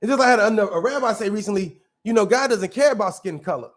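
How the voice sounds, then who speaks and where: A man with a high-pitched voice hosts a casual reaction commentary. He argues bluntly and with plenty of profanity, doubling back and restarting his sentences as he works through each point. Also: animated, fast. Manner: blunt, profane, argumentative, restarts mid-thought. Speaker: commentary show host.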